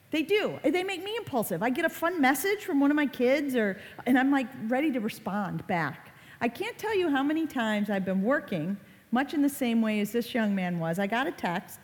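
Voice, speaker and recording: A woman's voice: fairly high pitch, big pitch swings, normal speed. A middle-aged woman giving a public talk about social media safety, telling a story in a conversational, dramatic way with fillers. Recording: long hall reverb.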